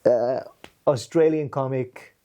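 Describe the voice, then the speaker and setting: A man's voice: medium pitch, slow pace, warm tone. Chatty man telling rambling stories. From Wales. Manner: rambling anecdotes, laughs often. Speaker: podcast host. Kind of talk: casual chat.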